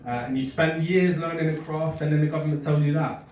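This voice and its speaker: A young man doing a stand-up comedy set in a pub, with a dry, halting delivery full of fillers and restarts. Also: on the high side, steady tone, a little mellow, a little hiss or hum. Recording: echoey pub room with distant mic. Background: crowd laughter.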